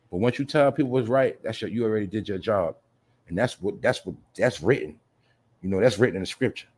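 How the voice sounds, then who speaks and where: A man hosts his livestream in a slightly low voice, speaking loose street slang peppered with profanity. He preaches to his listeners, hammering his points home by repeating them and checking in with "you feel me.". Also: darkish tone. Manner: profanity-laced. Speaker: livestream show host. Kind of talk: casual livestream monologue.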